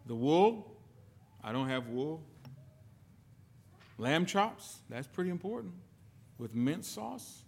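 A man preaching a sermon as pastor, telling stories with sudden swings between loud and soft. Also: fairly high pitch, expressive, slow pace, vocal fry, pauses often, a little hiss or hum. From lived in the United Kingdom.

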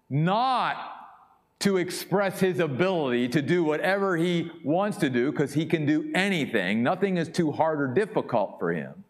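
Male pastor preaching, emphatic and repetitive, measured pace, lively high voice. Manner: emphatic, repeats key phrases. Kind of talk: sermon.

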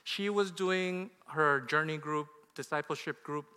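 A man in his thirties, a pastor telling a personal story in a sermon. His storytelling swings from loud outbursts to hushed, low confession. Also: unhurried, smooth, in a large hall.

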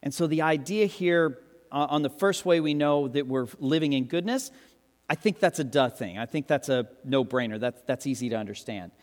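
A man in his thirties, a pastor giving a lively, joking sermon and acting out quotes. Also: moderate pace. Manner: animated, joking, acts out quotes with big pitch jumps. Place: church hall with long reverb. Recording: reverberant hall, live sermon.

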